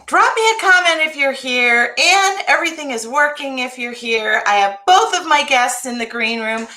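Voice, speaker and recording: Bright, chatty woman hosting a livestream. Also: normal speed, hardly any pauses, reverberant. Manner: chatty, greets viewers by name; voice jumps high when excited. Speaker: host. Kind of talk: casual livestream chat. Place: her art studio.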